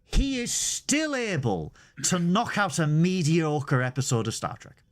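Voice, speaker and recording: A man's voice: fairly high pitch, wildly swooping pitch, measured pace. A man co-hosting a podcast, teasing his co-host and laughing a lot as he tells stories. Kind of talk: casual chat.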